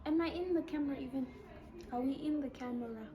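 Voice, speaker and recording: High-pitched protesting South African woman. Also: quick pace, highs cut off. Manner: squealing protests, animated. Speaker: co-host of a couple channel. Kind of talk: playful casual chat.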